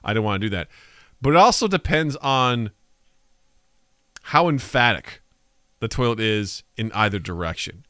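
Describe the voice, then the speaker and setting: A man's voice: fairly low pitch, normal speed, long pauses, clean tone, no echo, clean studio sound. A man co-hosting a comedy podcast, riffing animatedly and slipping into silly voices. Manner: animated, riffs with put-on voices. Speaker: podcast co-host.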